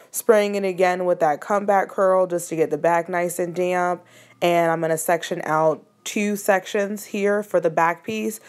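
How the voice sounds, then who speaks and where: A young woman casually narrating a hair tutorial, chatty and relaxed with frequent ums. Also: lowish voice, no room sound.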